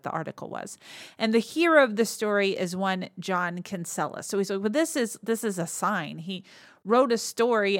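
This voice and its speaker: A woman hosting a podcast, casually retelling a movie's plot, laughing often and slipping into quick quoted lines. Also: mid-range voice, fairly bright tone, no echo, clean studio sound. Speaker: podcast host.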